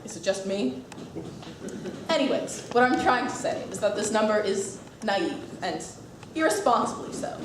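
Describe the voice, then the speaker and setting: A woman's voice: medium pitch, lively intonation, moderate pace, background noise, close to an everyday voice. Woman playing a rambling, wistful stage narrator. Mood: confiding. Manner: confiding, rambling asides to the audience. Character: reclusive musical-loving narrator, wistful and chatty. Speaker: stage actor. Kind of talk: stage musical acting. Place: theater stage. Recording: echoey stage from far off.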